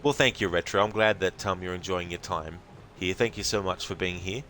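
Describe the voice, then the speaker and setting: A man with an Australian accent, streaming a game and chatting casually with viewers, relaxed and full of fillers. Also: deep voice, a little fast, slight background noise. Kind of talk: casual gaming commentary.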